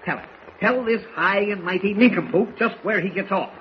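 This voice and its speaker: An actor in a 1940s radio drama playing a blustering, hot-tempered newspaper editor who sputters and shouts colorful exclamations. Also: male voice, high voice, normal speed, natural voice. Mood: furious. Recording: dull old radio recording with faint hiss.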